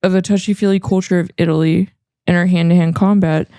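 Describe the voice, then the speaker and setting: A woman's voice: on the low side, fairly even intonation, fast talker, warm tone, clear, resonant tone, no room sound, studio quality. A woman co-hosting a casual podcast who tosses in sarcastic, wry asides. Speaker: podcast co-host. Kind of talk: casual chat.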